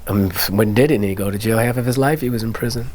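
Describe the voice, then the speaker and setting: A middle-aged man tells his life story in a relaxed interview. His delivery is animated, and he slips into the voices of relatives as he goes. His pitch sits in an ordinary middle range. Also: fast. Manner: animated, acts out family voices and quotes. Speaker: interview guest, musician. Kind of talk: candid storytelling conversation.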